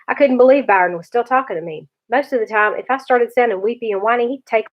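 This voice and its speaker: A woman teacher reading a chapter book aloud in a steady storytelling voice. Her pitch sits mid-range, and the sound is dull and lo-fi. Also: fairly quick, few pauses. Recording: dull lo-fi recording.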